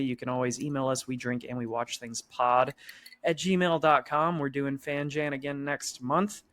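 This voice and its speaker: A man co-hosting a casual movie podcast, chatty and joking, hedging his opinions. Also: mid-range voice. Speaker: podcast co-host. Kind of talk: casual chat.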